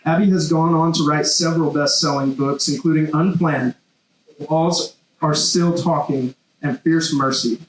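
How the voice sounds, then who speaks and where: A man's voice: a little high, a little hiss or hum. A man acting as event emcee, reading a speaker introduction in an upbeat, scripted delivery. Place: large hall. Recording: echoey hall sound.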